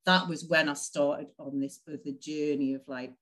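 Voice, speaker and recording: A woman's voice: low-pitched, steady tone, moderate pace, a bit bright. A woman telling her personal story in an interview, chatty, with frequent laughs and many fillers. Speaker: interview guest.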